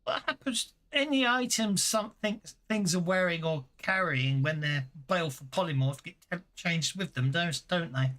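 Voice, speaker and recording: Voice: mid-range voice, normal speed, hardly any pauses, a bit bright. A game master narrating a tabletop game in a chatty way, stopping now and then to correct themself.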